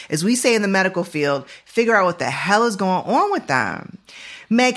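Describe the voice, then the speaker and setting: A woman's voice: lowish voice, fairly bright tone. A woman in her forties hosting a podcast in casual chat, talking loosely with lots of "like" and "you know". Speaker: podcast host.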